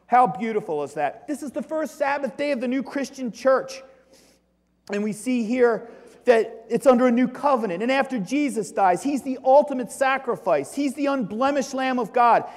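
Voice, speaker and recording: A male pastor delivers an emphatic sermon in a high, bright-edged voice. He rises to loud exclamations and drops to quiet, almost hushed asides. The sound rings with the long reverb of a church sanctuary. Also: animated, normal speed.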